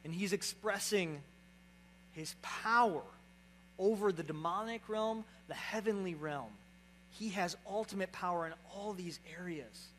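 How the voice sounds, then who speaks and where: At a measured pace, a young pastor preaches in a high, slightly bright voice. He talks to the congregation in a conversational way, often asking "right?" The recording is low quality and carries slight background noise.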